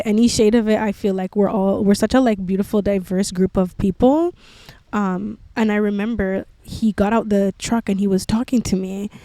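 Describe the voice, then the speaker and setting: With a warm, medium-pitched voice and no echo in the recording, a young woman hosting a podcast recounts her own experiences openly, her speech packed with frequent "like"s.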